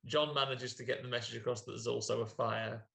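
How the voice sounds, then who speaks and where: Gravelly-voiced man recapping a film. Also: mid-range voice, level tone, a little fast, fairly bright tone. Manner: jokey, acts out characters in put-on voices. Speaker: podcast co-host. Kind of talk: casual film recap chat.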